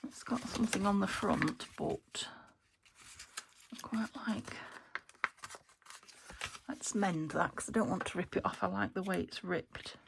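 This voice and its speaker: A British woman crafting a journal, talking to herself as she works and often trailing into soft half-whispers. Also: medium pitch, normal speed, vocal fry, few pauses, noisy background. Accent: British English. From United Kingdom. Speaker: craft channel host. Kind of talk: casual crafting commentary.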